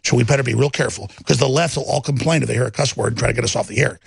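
A man's voice: medium pitch, racing, vocal fry, breathy edge, no room sound, clean studio sound. A man hosting a broadcast, giving heated, mocking political commentary with lots of insults. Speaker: host.

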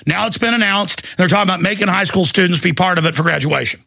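A man hosting a talk show, delivering a heated, ranting monologue with bursts of shouting. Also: sits high, quick pace, gravelly, few pauses, no room sound.

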